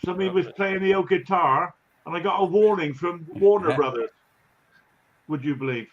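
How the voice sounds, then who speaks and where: A man hosts a casual livestream, chatting and laughing as he greets his viewers. His voice sits a little high. The audio is muffled and lo-fi. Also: a little fast. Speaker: livestream host. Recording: lo-fi dull audio.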